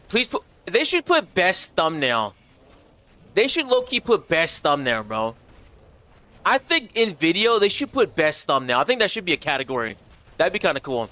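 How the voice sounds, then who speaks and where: A young man hosting a casual livestream, chatting in slang, reading viewer messages aloud and answering them with big swings in energy. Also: on the high side. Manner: animated, slangy, reads chat aloud. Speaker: streamer.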